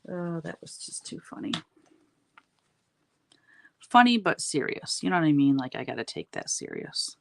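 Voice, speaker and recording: A woman's voice: deep voice, sing-song, moderate pace, gravelly, long pauses. Middle-aged lady chatting w viewers while painting, rambly, laughs easy. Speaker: livestream craft host.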